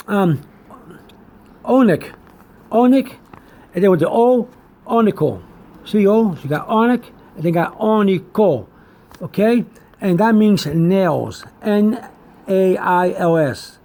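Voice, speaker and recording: Male teacher, high voice, halting delivery, spells words aloud, says okay a lot. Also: darkish tone. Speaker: channel host teaching chemistry and medical terms. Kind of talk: informal whiteboard lesson.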